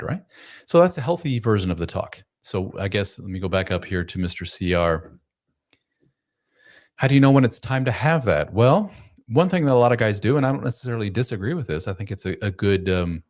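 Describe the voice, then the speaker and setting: A man with a very low, deep voice hosts a live advice chat, speaking frankly and bluntly. He swears casually and talks straight to his listeners with no sugarcoating. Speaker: host.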